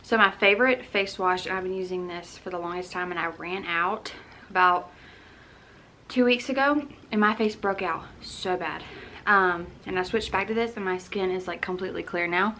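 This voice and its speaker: A woman's voice: lowish voice, moderate pace, bright, forceful tone, a little hiss or hum. A young woman chatting casually at home as a lifestyle vlogger, rambling with lots of "um" and "like" into her camera mic. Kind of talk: casual chat Q&A.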